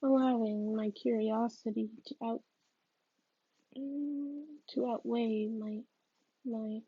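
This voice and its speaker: A woman's voice: fairly high pitch, fairly even intonation, takes it slowly, slightly rough, no echo, muffled recording. A woman reading a novel aloud, hesitant and often restarting her sentences. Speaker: reader.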